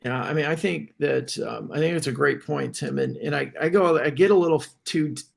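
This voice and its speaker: A man's voice: a little high, brisk, gravelly. A man on a casual panel discussion, reflective and questioning as he thinks aloud.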